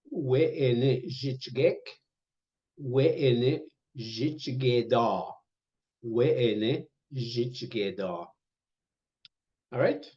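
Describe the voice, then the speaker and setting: An older man teaching an online language lesson, speaking slowly and patiently and repeating each word several times over a video call. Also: fairly high pitch, dark tone. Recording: dull lo-fi webinar audio.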